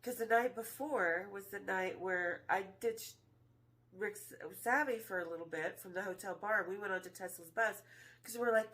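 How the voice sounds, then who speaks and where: A middle-aged woman co-hosting a casual chat over drinks, frank and quick to laugh, swearing freely. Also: mid-range voice, fairly bright tone. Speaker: podcast co-host.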